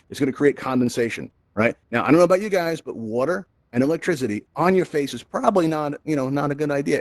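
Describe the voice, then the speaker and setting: A man giving a casual, animated tech tutorial and telling stories, often checking in with "right?". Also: mid-range voice, dry recording. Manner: animated, storytelling, frequent "right?" tag questions. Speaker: presenter. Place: virtual reality social space.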